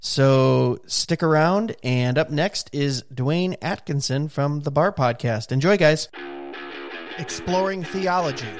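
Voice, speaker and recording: A man's voice: on the high side, slow, few pauses, no room sound, studio quality, faint music behind. A man hosting a podcast, introducing the episode in a loose, chatty way with fillers and asides. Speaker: podcast host.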